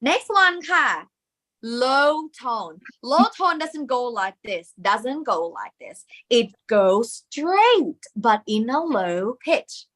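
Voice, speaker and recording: A Thai-accented woman leads a live language lesson, her fairly high voice swooping through a wide range as she models tones. She speaks slowly and carefully, with a bright, crisp edge to her sound. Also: very animated. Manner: demonstrates tones by singing syllables, checks in with "okay?".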